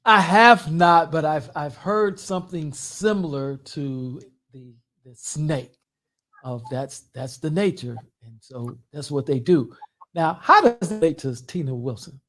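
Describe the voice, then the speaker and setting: A man, a pastor, hosting an interview and asking measured questions, often repeating his words. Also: fairly high pitch, animated, a bit bright. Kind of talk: interviewing a guest.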